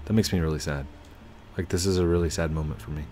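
A man's voice: low voice, steady tone, quick pace, dark tone, soft background music. A man doing casual gameplay commentary, apologetic yet firm as he lectures players about rule breaking. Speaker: gaming YouTuber.

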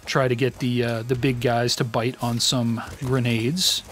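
A man's voice: mid-range voice, little pitch movement, measured pace, a bit bright. A man hosting a let's play, commenting on his own gameplay in a rambling, self-deprecating way with lots of fillers.

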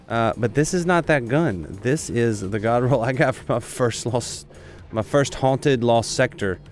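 A man giving casual, rambling, excitable commentary as he streams a video game and talks to his chat. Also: medium pitch.

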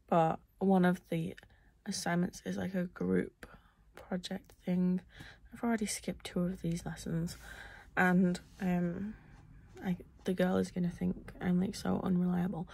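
A woman's voice: on the low side, creaky, a little mellow, husky. A young woman vlogging in a casual rant, rambling and exasperated, often dropping to a whisper. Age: young adult. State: out of breath; tired.

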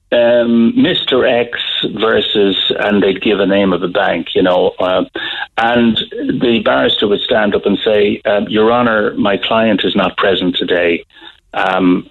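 A middle-aged Irish man telling a story in a radio interview, halting, with many restarts. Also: lowish voice. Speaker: guest author. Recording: phone-line audio.

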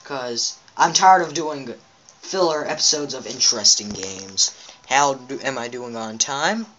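A man's voice: medium pitch, a little slow, fairly bright tone, a little hiss or hum. A man giving rambling, chatty commentary on his own gameplay, talking straight to his viewers from a home setup. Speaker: let's play gamer.

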